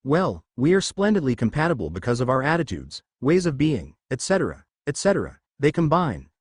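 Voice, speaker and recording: A man's voice: medium pitch, very animated, a little fast, breathy edge, no room sound, clean studio sound. A man voicing a smug, dismissive male symbiote creature speaking in a hero's mind.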